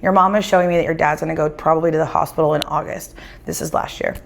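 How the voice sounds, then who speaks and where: Guest woman with a lower voice, animated storyteller who acts out dialogue. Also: fast talker, vocal fry, slight background noise. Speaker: psychic medium guest. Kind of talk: casual storytelling conversation. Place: winery.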